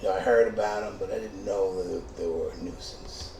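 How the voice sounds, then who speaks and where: A man's voice: deep voice, a little fast, vocal fry. A middle-aged man telling a comic true story, swearing freely and stumbling over restarts. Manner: profane, stammering restarts, animated. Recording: echoey room, distant mic, faint noise.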